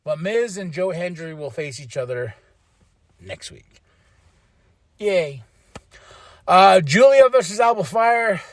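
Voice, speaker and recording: A man hosting a podcast, recapping a wrestling show in a casual, animated way, laughing and acting out quotes. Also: sits high, takes it slowly, long pauses, dry recording. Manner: animated, laughs often, quotes others in voices. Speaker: podcast host.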